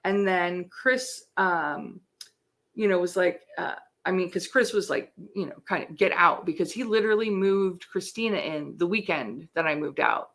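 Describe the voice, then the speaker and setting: A woman's voice: fairly low pitch, moderate pace, fairly bright tone. A middle-aged woman telling her story as an interview guest, candid and casual, swearing freely and filling her talk with "like". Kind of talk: casual chat.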